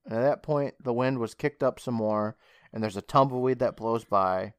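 A podcast co-host casually recaps a show's plot in an animated way, acting out the characters' lines. His medium-pitched voice is clear and resonant at a normal speed, and the recording is dry with clean studio sound.

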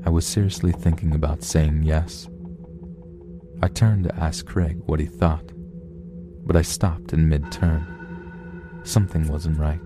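A man narrating a horror story in a slow, grave storytelling manner, with music behind. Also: rumbling low, fairly even intonation.

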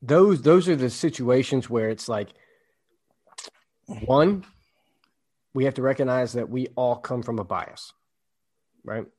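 A man's voice: medium pitch, slow, long pauses, a little mellow. Rambling, reflective podcast co-host, a man. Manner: rambling and reflective, explaining ideas with examples. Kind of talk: casual podcast chat.

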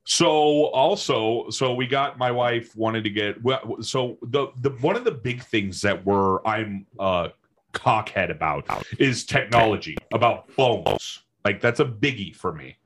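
Swearing, fired-up ranting man. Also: a little slow. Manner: heated, swears constantly, animated pitch swings. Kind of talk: profane comedic rant.

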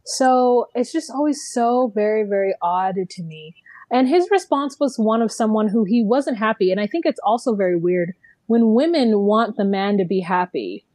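A woman's voice: mid-range voice, normal speed, darkish tone, no echo. Chatty opinionated woman, dry close sound. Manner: chatty, opinionated, heavy use of "like". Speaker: podcast co-host. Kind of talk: casual TV recap chat.

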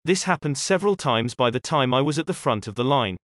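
A man narrates first-person stories in a steady, even read. His voice sits in a middle register. The recording is dry and close, with no room echo. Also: medium pitch, fairly quick. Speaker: narrator reading posted stories. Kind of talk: scripted narration.

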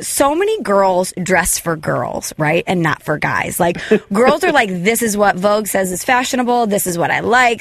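A woman's voice: mid-range voice, fairly bright tone, no room sound, studio quality. A young woman co-hosting a casual podcast, telling stories in a chatty way and laughing often. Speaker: podcast co-host.

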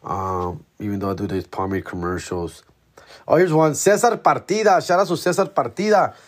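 A man's voice: medium pitch, moderate pace. A man, hosting a comedy podcast in a laid-back, slangy, profane monologue.

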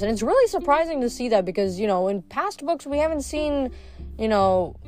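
Woman reading a novel aloud, lower voice. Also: darkish tone. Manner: stumbles and self-corrects, chatty asides. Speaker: audiobook reader.

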